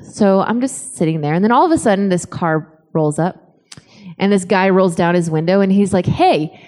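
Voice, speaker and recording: A woman speaker giving a humorous faith testimony, animated and self-mocking, acting out the voices in her story. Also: medium pitch, fairly quick, big-room sound. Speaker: conference speaker.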